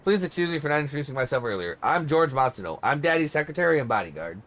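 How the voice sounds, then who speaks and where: A courteous male secretary and bodyguard, read by a man in his own voice, explaining things in a formal, measured manner. He sounds like a game character voiced during a read-along. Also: fairly high pitch, very animated, a bit bright, slight background noise.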